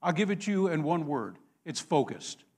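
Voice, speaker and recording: A man's voice: on the high side, sing-song, moderate pace. A man, a pastor, preaching a sermon in a conversational, storytelling manner, with laughs at his own expense. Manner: conversational, warm storytelling with self-deprecating laughs.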